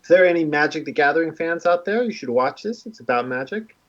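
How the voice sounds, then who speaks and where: A man's voice: fairly high pitch, expressive, quick pace, a bit bright. Self-deprecating male streamer, rambling, muffled mic. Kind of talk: casual livestream chat. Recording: dull lo-fi stream audio.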